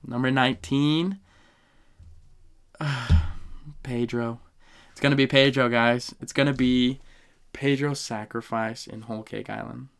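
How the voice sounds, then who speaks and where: A young man hosting a podcast, casually ranking anime moments with animated, emotional storytelling and slang. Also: mid-range voice, takes it slowly, creaky, long pauses, smooth. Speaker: podcast host.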